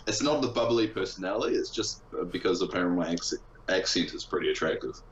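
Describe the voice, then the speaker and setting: Deep-voiced sarcastic man in a roomy mic. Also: lively intonation, quick pace, slight background noise. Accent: non-local accent, origin unstated. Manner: sarcastic, self-deprecating. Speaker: guest streamer. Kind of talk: casual podcast interview. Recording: roomy, dull lo-fi sound with faint ambience.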